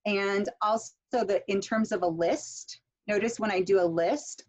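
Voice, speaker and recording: A woman's voice: mid-range voice, fairly even intonation, a little slow, poor audio. A woman instructor leading an online pronunciation workshop, demonstrating intonation with example sentences and a casual, filler-heavy manner that checks in with "okay?".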